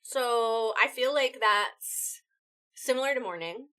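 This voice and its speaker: A woman chats casually with viewers on her live stream, bubbly and excitable, rapidly thanking people as they contribute. Her pitch is fairly high.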